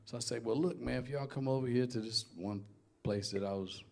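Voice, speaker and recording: An older man from Massachusetts, a band singer, telling stories in a casual, animated way and laughing often. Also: mid-range voice, a little fast, gravelly. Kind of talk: casual storytelling. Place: basement studio.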